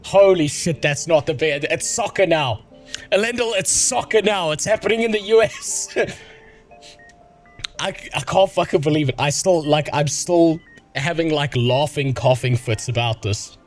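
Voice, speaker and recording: A man's voice: fairly high pitch, a little slow, faint music behind. A sick, medicated man from Africa, rambling and swearing through casual livestream chat as the host. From South Africa. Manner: profane, excitable, rambling. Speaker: streamer.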